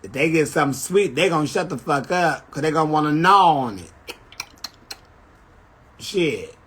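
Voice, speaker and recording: A man's voice: fairly high pitch, expressive, normal speed, fairly bright tone, slightly rough. A man chatting casually on a phone livestream, telling brash, profane stories. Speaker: drag performer on a livestream.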